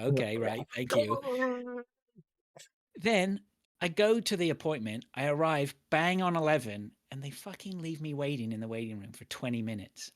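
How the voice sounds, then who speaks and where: Sweary ranting podcast host. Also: male voice, mid-range voice. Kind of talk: casual chat.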